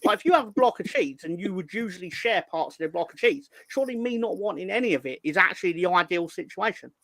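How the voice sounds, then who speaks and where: Excitable, playful man. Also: high voice, quick pace, vocal fry, dry recording. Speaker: host. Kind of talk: casual live show chat, reading viewer comments.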